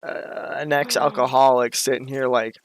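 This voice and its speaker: A man, co-hosting a casual podcast chat, blunt and animated with lots of swearing. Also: medium pitch, moderate pace, slight background noise, rough recording. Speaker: podcast co-host.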